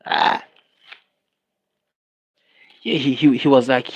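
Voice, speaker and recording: South African man, livestream chat, rambling, switches languages, mid-pitched. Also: unhurried, long pauses. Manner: animated, rambling, code-switching.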